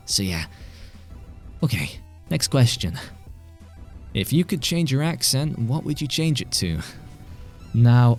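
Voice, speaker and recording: A British man talking into a desk mic in a loose, rambling monologue. He swears freely and pokes fun at himself, his pitch sitting in an ordinary middle range. Faint music plays behind him. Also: a little mellow. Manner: rambling, sweary, self-deprecating. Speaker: gaming channel host. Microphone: desk microphone.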